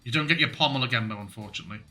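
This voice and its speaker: Game master guy, bright tense voice, quick calls on rolls, faint music behind. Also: mid-range voice. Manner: brief rulings and dice calls. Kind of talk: running a tabletop game.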